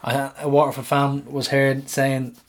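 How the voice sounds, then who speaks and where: A man's voice: medium pitch, flat delivery, measured pace. A man co-hosting a casual football podcast, full of banter, slang and laughter. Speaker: podcast co-host.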